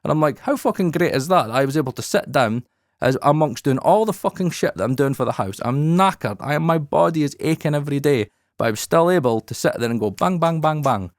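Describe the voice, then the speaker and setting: A man, hosting a podcast in casual talk, candid and animated with plenty of swearing, in his studio. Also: on the high side, fairly quick, no room sound. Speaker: podcast host.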